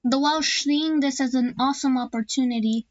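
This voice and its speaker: A woman's voice: sits high, fairly even intonation, moderate pace, lo-fi sound. A woman casually narrating an alternate-history map video, rambling with lots of fillers and restarts and throwing in jokey asides.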